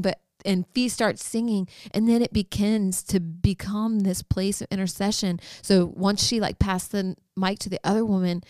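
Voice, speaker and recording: A woman co-hosting a faith podcast, telling an excited story in casual chat. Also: mid-range voice, no room sound, studio quality. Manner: excited storytelling, fast and expressive. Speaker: podcast co-host.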